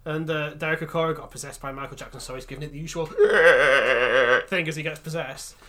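A man's voice: a little high, a little fast, pushed and bright. A man in casual podcast chat, telling stories with animation, swearing and laughing.

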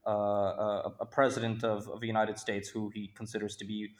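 A man from Brooklyn, New York, giving commentary as a panel guest, with a halting delivery full of restarts that turns emphatic on key points. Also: fairly low pitch, completely flat delivery.

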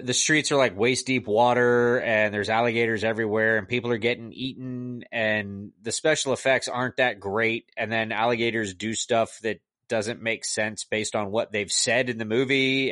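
A man's voice: fairly low pitch, steady tone, moderate pace, hardly any pauses, a bit bright, dry recording, studio quality. A man co-hosting a podcast, casually retelling a movie in a rambling, exasperated way with lots of "like". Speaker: podcast co-host reviewing a movie. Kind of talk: casual chat.

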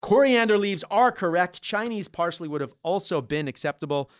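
A man's voice: high-pitched, expressive, smooth, no room sound, clean studio sound. Jokey man hosting a food debate show. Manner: jokey, theatrical, quick asides. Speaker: podcast host. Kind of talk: playful game-show style hosting.

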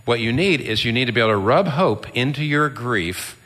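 A man's voice: mid-range voice, lively intonation, a little fast, fairly bright tone. A male pastor preaching an earnest sermon that builds to emphatic peaks. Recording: long hall reverb.

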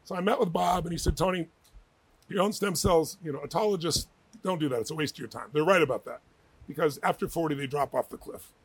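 A middle-aged man with a husky, slightly raised voice pours out stories at a rapid clip. He talks with emphatic energy and slips into the voices of the people he quotes. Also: a little high, dry recording. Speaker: guest, author and speaker. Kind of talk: animated interview storytelling.

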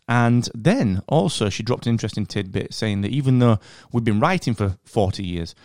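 A man with a Northern English accent hosting a podcast, chatting in an animated, rambling way with plenty of fillers. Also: fairly low pitch, no echo, clean studio sound. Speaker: podcast host. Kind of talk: casual podcast monologue.

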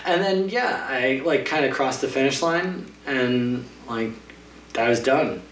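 A man's voice: mid-range voice, measured pace, fairly bright tone. A man casually telling a long trail race story in a podcast interview, rambling with lots of fillers. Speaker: trail runner guest. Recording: roomy, distant mic with faint hum.

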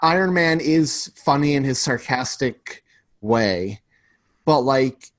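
A man's voice: medium pitch, expressive, slow, dry recording. A man co-hosting a podcast in casual chat, talkative and full of "like" fillers. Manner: talkative, fills speech with "like". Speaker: podcast co-host.

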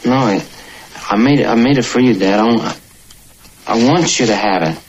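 An actor playing an earnest young man from an old classic film, halting and pleading as he tries to win his father over. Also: medium pitch, lo-fi sound, a little hiss or hum, close to an everyday voice. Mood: pleading, defensive. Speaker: grown son in a classic film. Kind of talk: 1950s film acting.

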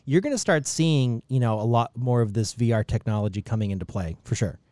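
Man, podcast co-host, mellow dark tone, dry close sound, rambling jokey chat. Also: medium pitch, a little fast, no echo. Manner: rambling, jokey, trailing off mid-sentence. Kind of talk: casual podcast banter.

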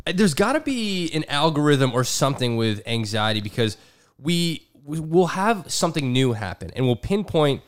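A young man co-hosting a podcast tells his own story in a candid, relaxed way, using filler words. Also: fairly high pitch, normal speed, clean tone. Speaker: podcast co-host. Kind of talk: casual podcast conversation.

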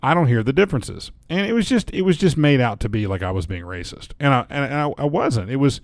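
Rambling podcast host, lively pitch. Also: male voice, quick pace, no echo. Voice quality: rambling, restarts sentences, joking. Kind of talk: casual chat, reading news aloud.

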